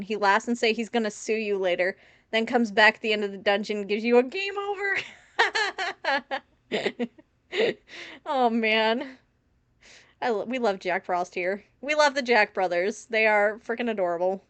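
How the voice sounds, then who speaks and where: Woman streamer, casual giggly commentary, high-ish, dry close sound. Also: moderate pace, fairly bright tone, smooth, no echo. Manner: rambling, giggly, chatty tangents. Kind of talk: casual live gameplay commentary.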